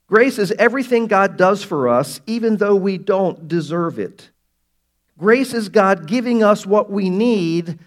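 A man pastor preaching a sermon to his congregation, emphatic and slowing down to stress key words. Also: sits high. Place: church sanctuary.

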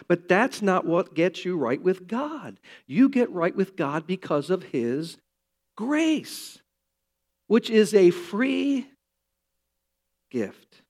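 An older man preaching a sermon, earnest and building to emphatic, loud passages. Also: high-pitched, very animated, slow. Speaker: pastor.

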